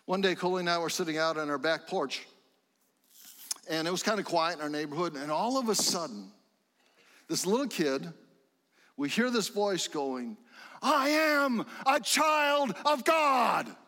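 A middle-aged man preaching a sermon in a church sanctuary, fervent and rising to excited exclamations. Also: a little high, moderate pace, long pauses, big-room sound. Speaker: pastor.

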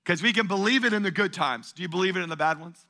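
A male pastor delivering an energetic sermon in a church, calling on the congregation to answer back. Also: high-pitched, fast talker. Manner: call-and-response preaching, energetic and emphatic.

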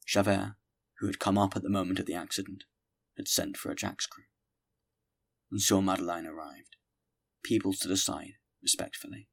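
A man reading a classic novel aloud as an audiobook, measured and steady. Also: low voice, vocal fry. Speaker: audiobook narrator. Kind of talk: scripted audiobook narration.

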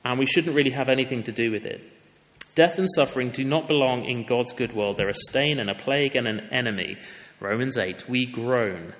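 Earnest preacher in a church hall. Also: male voice, mid-range voice, brisk, a bit bright. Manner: earnest, conversational, emphatic. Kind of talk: sermon.

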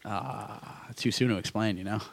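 A man co-hosting a podcast, relaxed and wry, introducing the next segment. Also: lowish voice, normal speed, creaky. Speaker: podcast co-host. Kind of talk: casual podcast chat.

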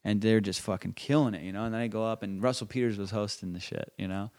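A man in casual podcast chat spins stories quickly in a lowish voice, swearing often and padding with "like" and "you know". The sound is dry and close. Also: a little mellow, no echo. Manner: profane storytelling, filler-heavy. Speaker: comedian guest.

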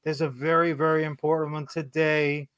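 A man co-hosting a podcast, slangy and casual, with a quick sponsor read. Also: on the high side, level tone, fairly bright tone, smooth. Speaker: podcast co-host.

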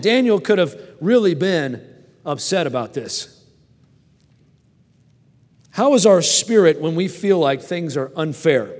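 A man in his forties preaching a sermon and telling personal stories in a folksy way, often stammering and restarting, and asking the audience questions. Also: sits high. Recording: long hall reverb.

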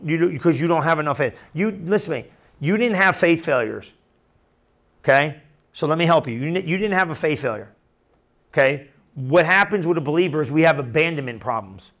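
A man preaching a sermon in a loose, conversational way, often restarting phrases and asking the room if they follow. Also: on the high side. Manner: conversational, animated, repeats and restarts phrases, asks the room questions.

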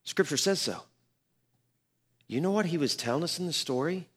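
Gravelly middle-aged male pastor preaching. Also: a little high, very animated, normal speed, long pauses. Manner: earnest, rises to emphatic peaks. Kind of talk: sermon storytelling.

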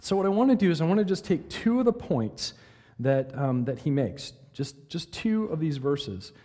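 A man's voice: a little high, moderate pace. A man giving a conversational Bible lesson, checking in with his listeners and reading verses with drama. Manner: animated, asks listeners questions, reads verses dramatically. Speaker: Bible teacher. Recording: long hall reverb.

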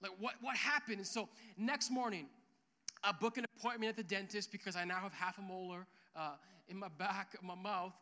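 Young male pastor, animated storyteller, high bright voice, long church reverb. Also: a little fast. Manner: energetic storytelling with quoted dialogue. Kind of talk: sermon. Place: church hall with worship music.

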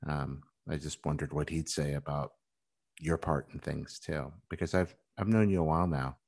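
A man interviewing a guest in an earnest, measured, supportive way. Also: a bass voice, steady tone, gravelly, a little mellow. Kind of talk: interview conversation.

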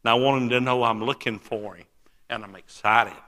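A man's voice: mid-range voice, fairly even intonation, brisk, bright, forceful tone. A man preaching a sermon, telling a story in an emphatic, folksy way. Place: church sanctuary. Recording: long church hall reverb.

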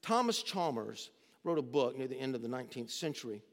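A man preaching a sermon, swinging between loud, urgent emphasis and low, close tones. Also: sing-song, a little fast. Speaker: pastor. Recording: long hall reverb.

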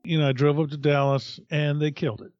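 A middle-aged man, a podcast co-host, telling a profane, animated story in casual chat. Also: fairly high pitch, fast, no room sound, muffled recording.

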